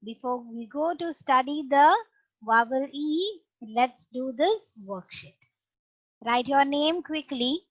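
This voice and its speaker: Slow, patient high-voiced woman teacher. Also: animated, no room sound. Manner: slow, patient, explaining step by step. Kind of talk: online class teaching young children. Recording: dull lo-fi online class audio.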